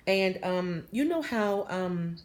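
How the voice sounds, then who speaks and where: A woman, telling a story to her viewers in a chatty, animated way, full of fillers and asides. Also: mid-range voice, slow. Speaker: vlogger. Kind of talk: casual storytelling to camera.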